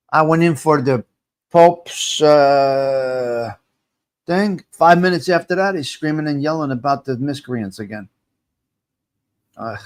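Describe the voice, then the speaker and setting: A man's voice: on the high side, fairly bright tone. Rambling man chatting on a livestream. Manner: rambling, repeats himself, talks back to chat comments. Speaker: livestream host reading viewer comments. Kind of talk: casual livestream chat.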